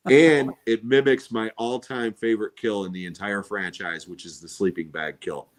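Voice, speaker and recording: A man's voice: lowish voice, steady tone, normal speed. A middle-aged man co-hosting a movie podcast, chatting casually and telling stories with eager enthusiasm and frequent laughs. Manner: enthusiastic, reminiscing storyteller who laughs often. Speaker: podcast co-host. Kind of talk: casual chat about movies.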